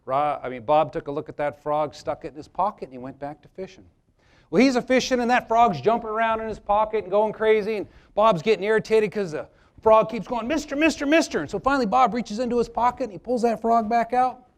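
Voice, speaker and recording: A man's voice: sits high, a little fast. Joking man presenting a seminar. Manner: joking, chatty storyteller. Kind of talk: live workshop talk with jokes.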